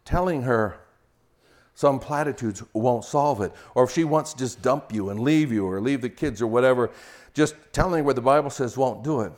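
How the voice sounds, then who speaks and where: An older man preaching a sermon on marriage, swinging from loud mocking quotes to hushed, intimate storytelling. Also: mid-range voice, moderate pace. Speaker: pastor.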